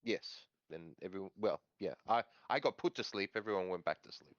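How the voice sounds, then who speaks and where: A man recapping a tabletop game session as a player, in a halting, drawn-out way, on a dull lo-fi mic. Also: deep voice, a bit bright, no room sound. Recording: dull lo-fi microphone.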